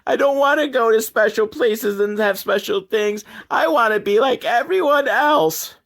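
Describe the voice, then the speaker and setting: A man doing a little girl who longs to fit in, her voice pitched high and pleading. She sounds small and earnest, caught in a comic movie recap. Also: normal speed, a bit bright. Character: sad young girl who wants to fit in.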